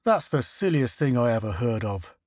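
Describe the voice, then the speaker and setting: A man voicing a spirited male ship's engineer in a higher, lively voice. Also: moderate pace, no room sound, studio quality.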